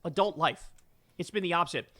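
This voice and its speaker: A man's voice: on the high side, a little fast, bright, forceful tone, no echo. A man political commentator arguing in an exasperated, emphatic way. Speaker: political commentator in a played clip.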